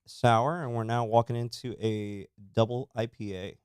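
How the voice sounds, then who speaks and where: Smooth-voiced man chatting over beers. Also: medium pitch, moderate pace, dry recording, clean studio sound. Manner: relaxed, chatty, says um and uh often. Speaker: podcast co-host. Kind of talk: casual chat over beer tasting.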